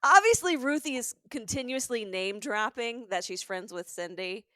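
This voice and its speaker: A woman's voice: fairly high pitch, animated, moderate pace, pushed and bright, dry recording. A middle-aged Southern woman with a Southern US accent, a podcast co-host chiming in with teasing jokes and guesses. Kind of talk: casual comedic chat.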